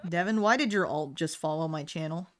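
A woman's voice: deep voice, a little fast, a bit bright. A woman streaming while she draws, chatting casually and playfully with a friend and thanking new followers. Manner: playful, breaks into sung snatches.

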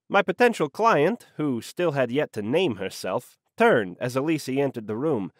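A man narrating a hard-boiled noir audiobook in a wry, slangy, deadpan manner on a close microphone. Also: medium pitch, unhurried, hardly any pauses, no room sound.

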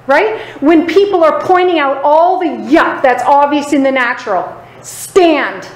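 A woman teaching a sermon with emphasis, keeps asking her listeners "right?" and drops into lower, quieter voices to act out other people. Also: measured pace. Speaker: Bible teacher. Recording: echoey room, faint background noise.

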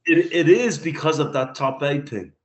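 A man's voice: on the high side, animated, moderate pace. A man with a London Cockney accent, co-hosting a podcast with dry, joking remarks. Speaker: podcast co-host. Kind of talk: casual chat. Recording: roomy echo.

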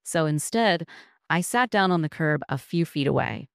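Woman narrator, low voice, measured and reflective first-person storytelling, dry close sound. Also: expressive, creaky, no echo.

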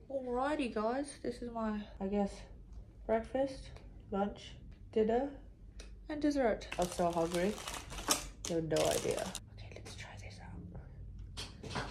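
Woman vlogging in a hospital room, mellow gravelly voice, lots of little whispers, phone propped up close. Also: a little high, slow, long pauses, slight background noise, low-quality recording. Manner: expressive, drops to hushed whispers often. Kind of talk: casual vlog talk to camera. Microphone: phone camera propped nearby.

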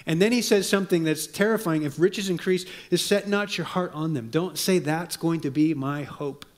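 A man preaching a sermon, earnest and measured, dropping to soft low tones to press a point and reading quotations aloud. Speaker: pastor.

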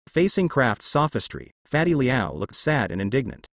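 A man narrating a translated novel in a flat, even read. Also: medium pitch, a little fast, few pauses, no room sound, studio quality. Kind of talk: audiobook narration of translated fan fiction.

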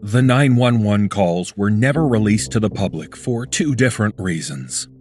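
A man narrating a horror story in a measured, documentary-like scripted voice. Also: fairly low pitch, lively intonation, a little mellow, faint music behind.

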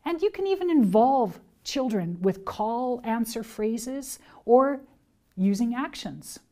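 A woman training teachers and parents, speaking in a clear, deliberate, teacherly way. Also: fairly high pitch, expressive, dark tone. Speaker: children's ministry trainer. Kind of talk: instructional talk to teachers and parents.

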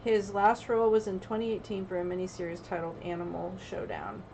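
A woman's voice: mid-range voice, a little fast, darkish tone, slight background noise, rough recording. A woman co-hosting a casual podcast discussion, chatty and agreeable, sometimes reading aloud plainly. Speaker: podcast co-host.

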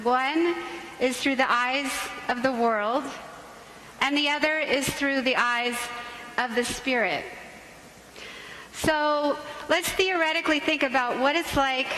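Bright high woman speaking in a church. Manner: lively storytelling, acts out parents and kids. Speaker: Catholic speaker. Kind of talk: humorous church talk. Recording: echoey church hall, faint noise.

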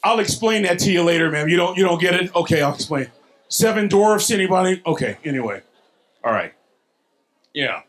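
A man's voice: sits high, expressive, fairly quick. A man with a Texan accent giving a motivational keynote, folksy and playful, leading the audience in call-and-response. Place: large hall with live audience.

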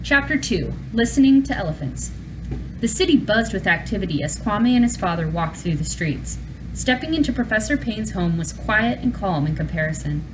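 A woman reading a children's storybook aloud in an expressive, animated way. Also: medium pitch, moderate pace, background noise. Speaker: storybook reader.

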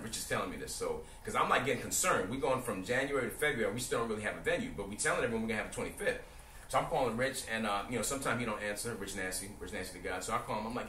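A man's voice: lowish voice, animated, fast, a bit bright. A man in his forties casually telling a story to the camera and acting out phone calls with friends in other voices. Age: 40s. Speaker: reunion organizer. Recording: roomy, from a distance, light background noise.

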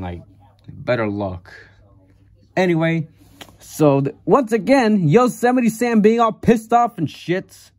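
A man casually chatting through an unboxing of his collectible model cars, rambling and cursing, with his voice jumping up in excited outbursts. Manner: rambling, profane, jumpy pitch with excited outbursts.

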